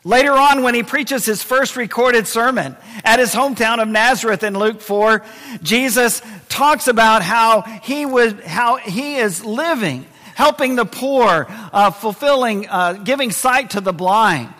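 A male pastor preaching a sermon, swinging between loud emphasis and quiet, intense moments. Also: very high-pitched, a little slow, long reverb tail.

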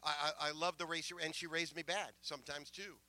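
Emotional preacher man, bright and dry. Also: a little high, fairly even intonation, fairly quick, dry recording. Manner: emotional, rising from soft asides to loud proclamations; stammering restarts. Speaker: pastor. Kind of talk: sermon storytelling.

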